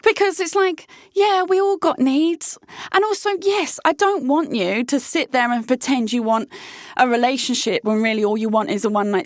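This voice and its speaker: A fairly high-voiced woman in her thirties vlogs about dating in a blunt, animated way, swearing freely and laughing often. The sound is dry and close, with no room echo. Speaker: dating vlogger. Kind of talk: casual candid vlog monologue.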